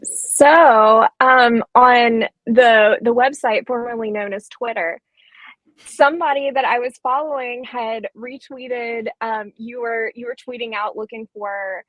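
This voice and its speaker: A woman's voice: on the high side, fairly even intonation, slow pace, a bit bright, dry recording, poor audio. A woman bookseller in a casual live-streamed chat, talking in a chatty, enthusiastic way with lots of fillers. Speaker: bookseller co-host.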